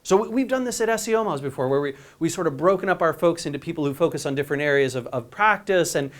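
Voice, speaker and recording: A man giving a conference presentation as a company CEO. He talks with energy, often asks the audience "right?" and restarts his phrases quickly. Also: fairly high pitch, animated. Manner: many quick restarts and repeated words.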